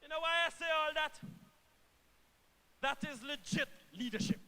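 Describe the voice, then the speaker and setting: At a rally, a minister from Antigua and Barbuda speaks with an Antiguan accent, his very high voice moving at a measured pace through a big-sounding room. He drives his points home by repeating lines and ranges from near-whispers to shouts.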